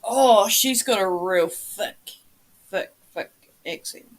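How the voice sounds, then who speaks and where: A woman's voice: medium pitch, slow pace. A woman with a South Island New Zealand accent, chatting casually and swearing now and then. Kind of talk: casual chat.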